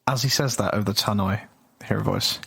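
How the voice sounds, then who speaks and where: A man's voice: fairly low pitch, brisk, gravelly, a bit bright, breathy edge. A man narrating vivid scenes in an improvised role-play. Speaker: podcast guest.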